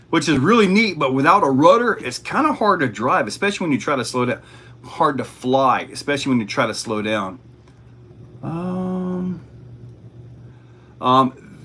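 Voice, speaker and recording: A man's voice: medium pitch, fairly bright tone. A man hosting a casual livestream, reading chat questions aloud and answering in a laid-back way.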